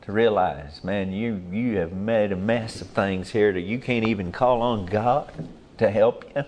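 A man's voice: lowish voice, measured pace, darkish tone, a little hiss or hum. An older man, preaching a sermon in a folksy, rambling way with rural grammar.

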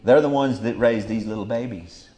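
A middle-aged man preaching a fiery Bible sermon. He drops to low murmurs, then bursts into loud exclamations. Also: normal speed.

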